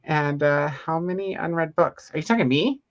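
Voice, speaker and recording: Brief: relaxed stream host reading chat comments, middle pitch, muffled lo-fi sound. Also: normal speed. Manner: relaxed, reads out viewer comments. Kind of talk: casual chat.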